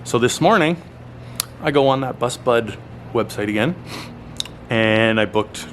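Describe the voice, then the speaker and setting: A man from Alberta, Canada, recounting his travel mishaps to camera in a rambling, animated vlog, with lots of fillers and an exasperated curse now and then. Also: medium pitch, unhurried, slight background noise. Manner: swears in exasperation. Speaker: travel vlogger. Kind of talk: casual storytelling to camera.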